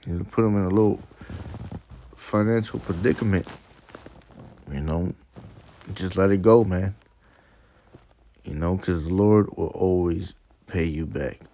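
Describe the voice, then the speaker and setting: With a low, warm voice, a man speaks a little slowly and leaves long pauses in a casual preaching monologue about scripture and street life. He's profane and emphatic, quoting verses between stories and laughing at his own tales.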